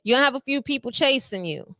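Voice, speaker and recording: A woman with a high voice reads tarot cards for her viewers in a sassy, slangy way. She tosses off quick, playful asides and acts out little quoted lines. The sound is dry and close. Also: animated, sharp tone, no echo. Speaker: tarot reader.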